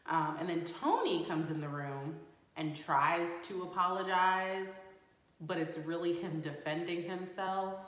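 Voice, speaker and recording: Female recap host, expressive delivery, bare echoing room. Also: deep voice. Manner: animated, exasperated commentary with laughs. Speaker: reality show recap host. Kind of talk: casual reality TV recap. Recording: very echoey room.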